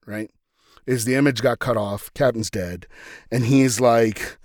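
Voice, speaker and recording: A man's voice: mid-range voice, unhurried, no echo, studio quality. A male podcast host casually retelling a TV episode in a rambling, filler-heavy way.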